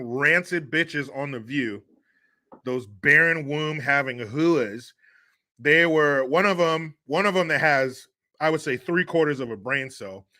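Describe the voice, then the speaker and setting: A man's voice: fairly high pitch, sharp tone. A man hosting a podcast, ranting in a crude, mocking, profane way and laughing scornfully. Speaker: podcast host. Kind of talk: solo commentary rant.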